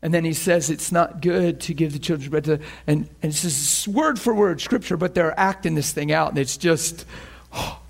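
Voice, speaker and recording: Excited preacher guy, kinda high voice, acts out scenes and laughs a lot. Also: normal speed, creaky, hardly any pauses. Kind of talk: sermon.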